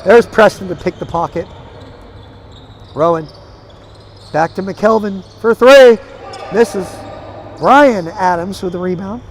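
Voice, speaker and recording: A man calling basketball play-by-play in quick, clipped calls that climb with the action. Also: sits high, a little hiss or hum. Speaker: play-by-play commentator.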